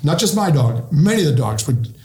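A middle-aged man spins stories for a podcast, acting out the voices of the people in them. His voice sits a little high for a man. The room around him rings. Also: a little fast, echoey room. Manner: animated storyteller acting out quotes. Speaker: retired police officer, guest. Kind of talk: podcast interview storytelling.

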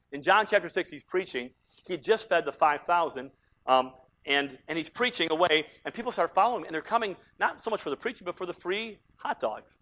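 A man preaching a sermon as pastor, moving between quiet, intimate passages and loud, fervent climaxes. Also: high-pitched, expressive, a little fast. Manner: impassioned preaching that swings between soft and loud.

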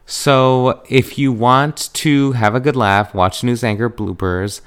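A young man hosting a podcast in a chatty, rambling way, jumping into high excited tones when he quotes himself. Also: takes it slowly, clean tone. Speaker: podcast host. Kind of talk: casual chat.

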